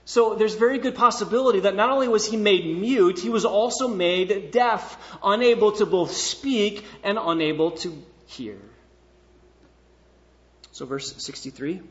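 A man preaching a sermon, reading scripture and explaining it, moving between hushed, slow passages and loud, emphatic ones. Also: high-pitched, dull audio. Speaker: pastor.

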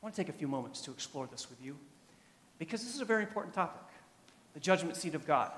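A man preaching a sermon as pastor, emphatic, swinging from quiet asides to loud, pressing points. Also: a little high, big-room sound.

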